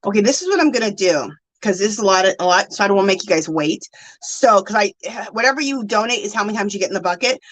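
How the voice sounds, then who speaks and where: A woman's voice: mid-range voice, expressive, fast, no room sound, rough recording. A woman hosting a casual craft live stream, gushing thanks to viewers and counting aloud.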